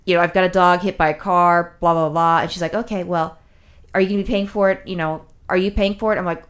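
Woman, low-ish and quick, rambling emotional storyteller, casual chat. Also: fairly even intonation. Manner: rambling, with many fillers and restarts; emotional, recounting distress.

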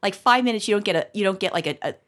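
A woman's voice: medium pitch, lively intonation, racing, a bit bright. A woman co-hosting a podcast, telling rambling, profane stories in casual chat with frequent restarts. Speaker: podcast co-host.

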